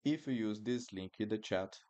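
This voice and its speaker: In a live online lesson, a Brazilian-accented man who speaks Portuguese natively teaches pronunciation, patiently repeating words for drills. His voice is on the low side with a darkish tone, at normal speed.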